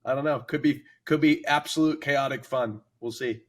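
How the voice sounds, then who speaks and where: A man's voice: medium pitch, moderate pace. Rambling man on a podcast. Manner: rambling, hesitant, many fillers. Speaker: podcast guest. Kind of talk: casual podcast chat.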